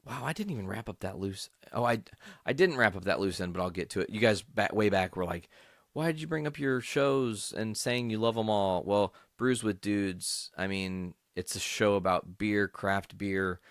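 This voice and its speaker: A man's voice: fairly low pitch, moderate pace, no room sound, studio quality. A young adult man hosting a podcast, telling a personal story with angry, profane, emphatic outbursts. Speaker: podcast host.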